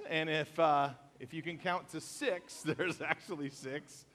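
A man's voice: a little high, a little slow. A young man preaching a casual sermon to students, joking and laughing before turning earnest. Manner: jokey and animated, laughing at memes, then earnest. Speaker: youth pastor. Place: large hall or church auditorium. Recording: reverberant hall.

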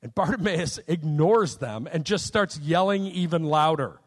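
A man's voice: fairly high pitch, animated, a little slow. A man preaching a sermon in a conversational way, often checking in with his listeners. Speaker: pastor. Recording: long hall reverb.

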